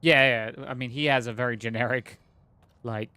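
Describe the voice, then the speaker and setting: A man's voice: medium pitch, steady tone, normal speed, pushed and bright, clear, resonant tone, dry recording. A man streaming a video game, thinking aloud and rambling in casual commentary with many fillers.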